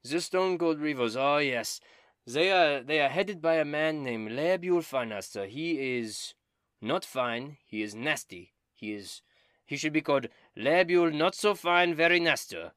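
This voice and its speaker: A man's voice: on the high side, unhurried, smooth, dry recording, clean studio sound, voice pushed up. A man doing a pompous bard. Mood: scheming. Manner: formal, self-important, excitable. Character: scheming male bard, polite and ambitious.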